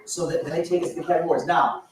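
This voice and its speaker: A man's voice: fairly high pitch, racing, recorded from a distance, noisy background. Man in his fifties, echoey hall. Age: 50s. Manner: animated storytelling with frequent restarts and laughs. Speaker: motivational speaker at a business event. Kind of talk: motivational speech.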